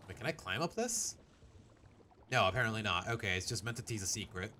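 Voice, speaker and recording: A man's voice: on the low side, animated, brisk, sharp tone, a little hiss or hum. A man giving let's play commentary. He rambles, thinks aloud and pokes fun at himself. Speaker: gaming streamer. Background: faint game music.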